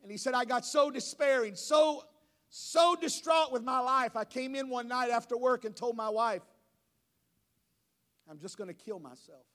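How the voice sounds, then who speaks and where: High-voiced man preaching a sermon. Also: normal speed, smooth. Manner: preaching, rising to shouts. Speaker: pastor. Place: church.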